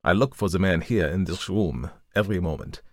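A man voicing a calm, methodical male detective who reasons aloud in a measured, lecturing way, in an audiobook reading. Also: sits low, no room sound, clean studio sound. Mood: reasoning.

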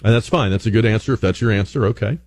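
A man's voice: fairly low pitch, racing. A man hosting a talk radio show, delivering an opinionated monologue full of rhetorical questions. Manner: argumentative, rhetorical questions, animated.

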